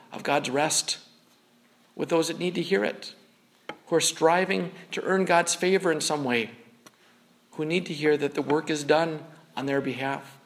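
A man with a notably high speaking voice delivers a sermon from the pulpit. He preaches in an earnest, conversational manner, often doubling back on words mid-sentence. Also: fairly bright tone. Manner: earnest, conversational preaching with frequent word repeats. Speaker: pastor.

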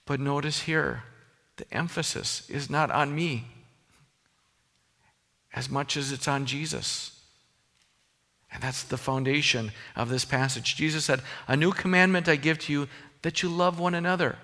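Pastor guy preaching, bright ringing voice, fairly high, big hall echo. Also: fairly even intonation, measured pace, pauses often. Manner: earnest preaching, rising emphasis with frequent restarts. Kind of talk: sermon.

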